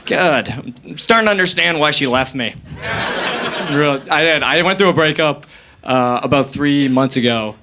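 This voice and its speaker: A young man doing stand-up comedy on a stage into a handheld mic, energetic and self-mocking, jumping into voices. The live comedy club recording carries audience noise. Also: fairly high pitch, moderate pace.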